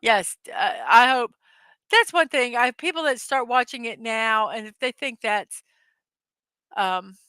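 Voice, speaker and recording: A woman's voice: a little high, measured pace, pushed and bright, clear, resonant tone, dry recording. A woman hosting a casual morning livestream, chatting loosely, giggling often and reading viewer comments aloud. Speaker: livestream host. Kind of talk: casual live-stream chat.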